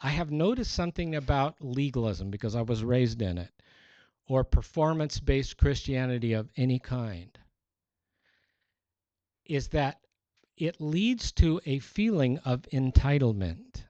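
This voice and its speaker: A male pastor preaching a sermon in an animated, conversational way with playful exaggeration. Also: mid-range voice, unhurried, no room sound. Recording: dull, dry sound.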